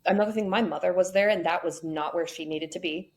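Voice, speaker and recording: A woman's voice: on the low side, fast talker, darkish tone, low-quality recording. A woman in a candid interview, telling her story frankly with wry asides. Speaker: podcast guest.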